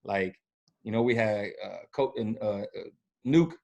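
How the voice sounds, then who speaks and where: A man's voice: on the low side, measured pace, gravelly, a little mellow. A young man talking casually as a podcast guest, telling loose, slangy stories with plenty of fillers. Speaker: podcast guest, former college football punter. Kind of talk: casual chat.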